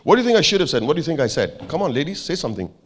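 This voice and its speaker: The voice sits a little high and moves very fast, with a long reverb tail behind it. It's a man with an Indian English accent delivering a motivational keynote, acting out the characters of his story and bantering with the audience.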